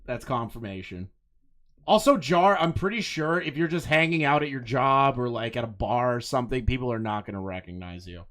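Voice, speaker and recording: A man's voice: mid-range voice, animated, brisk, fairly bright tone. A young man hosting a casual call, talking bluntly and rambling with plenty of profanity. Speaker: streamer host.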